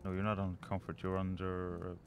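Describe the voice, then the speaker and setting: A man's voice: low voice, completely flat delivery, a little fast, soft background music. A man casually commenting while he plays a management game, often muttering and trailing off as he thinks aloud. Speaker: let's play host.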